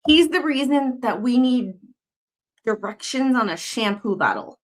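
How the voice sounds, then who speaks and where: Expressive and at a measured pace, a commentary channel host breaks down a court filing in casual fashion. She's sarcastic and blunt, curses freely, and her pitch spikes sharply when exasperation hits.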